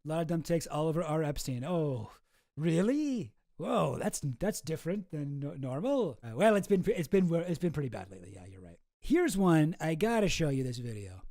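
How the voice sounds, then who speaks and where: Sarcastic streamer with a mellow voice. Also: male voice, a little high, big pitch swings, normal speed, no echo, clean studio sound. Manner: sarcastic, incredulous, rambling. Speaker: streamer host. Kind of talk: casual livestream commentary.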